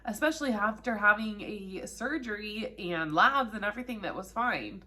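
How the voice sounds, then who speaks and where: A woman's voice: medium pitch, animated, normal speed, bright, forceful tone. A woman in her thirties telling her own story to camera in a candid, conversational way that is often emotional. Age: 30s. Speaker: vlogger sharing her own cancer story.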